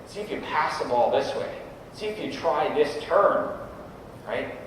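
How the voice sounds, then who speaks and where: A man's voice: a little high, animated, a little slow, a little hiss or hum. A middle-aged man giving an informal talk to a group of coaches, often checking in with the audience. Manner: conversational, often adds "right?" to check in with the room. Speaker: guest speaker at a coaches' meeting. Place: large room at a meeting. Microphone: camera at a distance. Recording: echoey hall recorded from far off.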